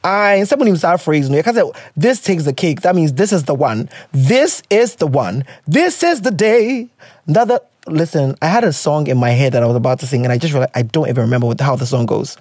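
A podcast host with a Ghanaian accent and a sore throat, chatting casually and mixing in Twi phrases. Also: female voice, sits low, fast, few pauses, a little mellow, dry recording, studio quality. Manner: chatty, laughs often, slips into Twi phrases. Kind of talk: casual chat.

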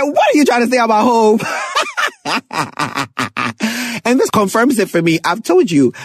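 A young man giving casual, excitable commentary on songs, laughing often and rapping lyrics aloud. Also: fairly high pitch, breathy edge, no echo. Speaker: music reviewer. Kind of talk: casual music reaction commentary.

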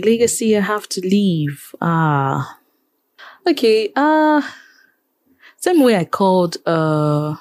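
Her voice is on the low side and a little mellow. A Nigerian radio presenter and programmer, she's the guest in a casual interview, talking lively and repeating phrases for emphasis.

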